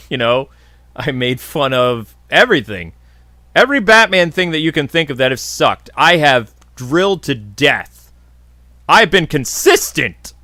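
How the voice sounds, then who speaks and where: A man's voice: mid-range voice, pushed and bright, dry recording. A man hosting a podcast, casually answering viewer questions in a blunt, jokey, opinionated way. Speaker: podcast host.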